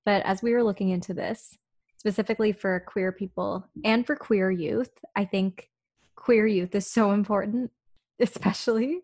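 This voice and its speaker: A woman's voice: medium pitch, steady tone, moderate pace, darkish tone. A young woman co-hosting a podcast, speaking candidly and reflectively with frequent "like" fillers. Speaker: podcast co-host. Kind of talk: casual podcast chat.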